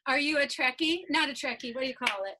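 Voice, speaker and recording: A woman hosting a casual interview over a video call, chatty and effusive and quick to laugh. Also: high-pitched, background noise. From New York. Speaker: host.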